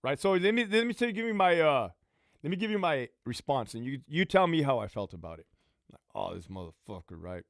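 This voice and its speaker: A man with a fairly high, swinging voice tells blunt, profane stories and answers viewer questions on a casual live stream. His speech rises and falls a lot, and the sound is close and dry with no room around it. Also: fast, no echo. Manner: profane, blunt, animated storyteller. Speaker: livestream host and former prison lieutenant. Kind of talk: casual livestream Q&A storytelling.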